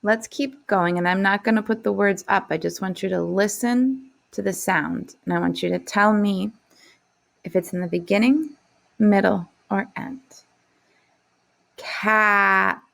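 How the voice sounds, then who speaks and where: A woman with a creaky, medium-pitched voice teaches young children a phonics lesson. Her classroom delivery is slow, patient and encouraging.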